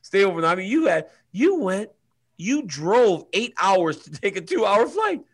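High, lively man teasing his friend. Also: normal speed. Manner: teasing, laughing, animated. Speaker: podcast co-host. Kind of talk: casual chat.

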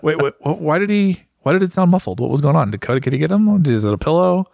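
A man co-hosting a podcast in loose, casual chat, joking around and breaking into laughter often. His voice sits a little on the high side. It comes across close and dry, with no room sound. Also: expressive, quick pace, vocal fry, darkish tone, no echo. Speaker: podcast co-host.

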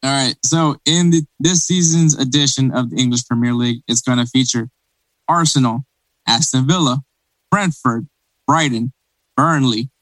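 A man's voice: mid-range voice, moderate pace, a bit bright, dry recording, rough recording. A man co-hosting a casual sports podcast, talking in rambling bursts full of restarts. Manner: rambling, many restarts and fillers. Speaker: podcast co-host.

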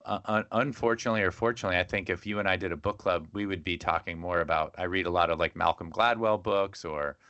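A man's voice: low voice, quick pace, few pauses, a bit bright, muffled recording. A man hosting a podcast in casual chat, joking and rambling in a self-deprecating way. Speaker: podcast host.

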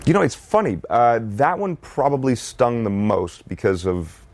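A man's voice: medium pitch, big pitch swings, moderate pace, a little mellow, dry recording. A man talking as a guest in a casual interview, easygoing and rambling, with frequent restarts. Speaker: actor guest.

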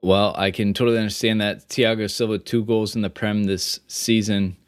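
A man hosting a casual podcast, talking energetically with fillers and quick restarts. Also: on the low side, little pitch movement, clear, resonant tone, no echo, clean studio sound. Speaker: podcast host. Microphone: remote call microphone.

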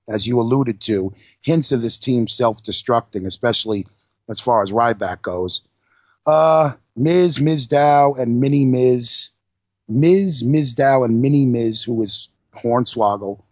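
A man's voice: medium pitch, unhurried, dry recording. A man co-hosting an internet radio show, recapping wrestling in loose, profane casual chat. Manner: loose, profane, narrating play-by-play. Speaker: podcast co-host.

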